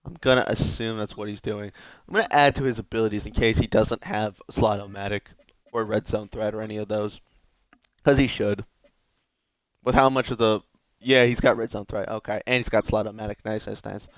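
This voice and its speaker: A man's voice: lowish voice, steady tone, brisk, no echo. Man joking through gameplay commentary. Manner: joking, rambling self-talk. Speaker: gaming video host.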